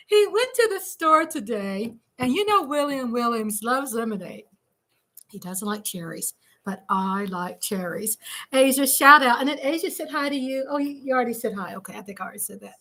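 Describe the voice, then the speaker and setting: Bubbly high-voiced woman host. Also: animated, normal speed, sharp tone. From Texas. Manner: bubbly, chatty, laughs often. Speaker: livestream host. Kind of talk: casual livestream chat. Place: home.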